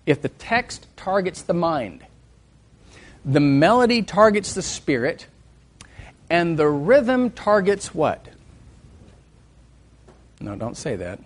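A middle-aged man leads a church music lesson in a fairly high voice. He talks with lively energy, joking with his listeners and breaking into sung and hummed examples to make his point. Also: takes it slowly, pauses often. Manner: animated, sings and hums examples, jokes with the class. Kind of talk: teaching a class on music and faith.

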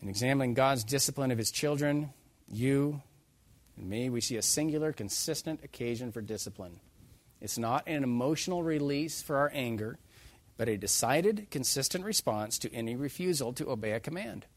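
A man preaching a sermon, emphatic and animated, joking with his listeners. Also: mid-range voice, moderate pace, no room sound. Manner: emphatic, animated, jokes with the congregation.

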